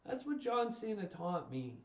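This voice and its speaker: A young man streaming delivers a casual rant, stressing his words and repeating himself out of exasperation. His high voice is very animated yet unhurried. He's far from the mic, and the stream audio is lo-fi, roomy, and dull.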